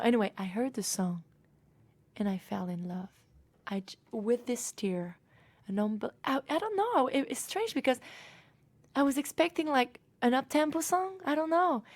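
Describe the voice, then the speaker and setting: A woman in her twenties, a singer being interviewed, telling a story in an animated way with sudden drops into whispers. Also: fairly high pitch, moderate pace, dry recording. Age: 20s.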